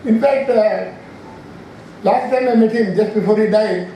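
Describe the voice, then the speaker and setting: A man's voice: high voice, a little slow, dark tone, a little hiss or hum. A man in his eighties with an Indian English accent, giving a rambling, anecdotal inaugural speech in a large hall, full of restarts and self-corrections. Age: 80s. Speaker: scientist giving an inaugural address. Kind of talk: informal speech. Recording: very echoey hall from far off.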